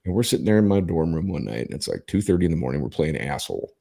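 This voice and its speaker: This is a middle-aged man with a very deep, gravelly voice that has a husky edge. He hosts a casual podcast and tells stories emphatically, swearing freely and often stumbling and restarting his sentences. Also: very animated, rapid-fire, mellow. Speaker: podcast host. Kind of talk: casual profane storytelling.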